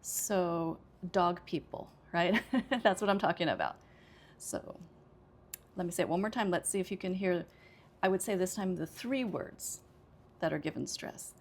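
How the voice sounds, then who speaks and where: A woman's voice: on the low side, sing-song, moderate pace, long pauses. An American woman teaching English pronunciation, explaining sentence stress step by step and repeating example sentences with careful emphasis.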